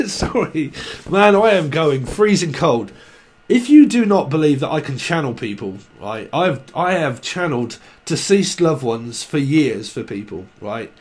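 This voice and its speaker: A man with a slightly higher-than-usual voice gives a loose, chatty tarot reading straight to camera. He rambles from one thought to the next, laughs often and breaks into bits of song. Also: expressive, measured pace. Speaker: tarot reader.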